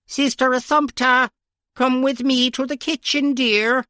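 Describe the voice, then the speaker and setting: A bossy but kindly older nun, snapping out motherly orders. Her voice sits a little high, and the recording is close and dry with no room sound. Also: fairly even intonation, bright, forceful tone, no echo. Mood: brisk. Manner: brisk, motherly commands.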